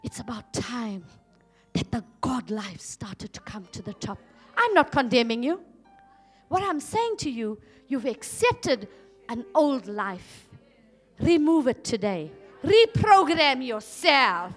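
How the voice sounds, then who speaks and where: Woman pastor from South Africa, high voice, very animated delivery, faint music behind. Sermon. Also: measured pace. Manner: dramatic swings from loud exhortation to hushed asides.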